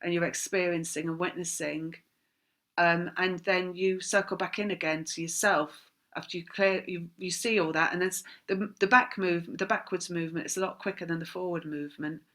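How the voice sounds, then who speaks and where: Bright-voiced woman giving a rambling tarot reading. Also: lowish voice, fairly even intonation, normal speed. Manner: rambling, repeats words in long chains; apologetic, laughs at herself. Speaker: tarot reader. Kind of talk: spiritual tarot reading monologue.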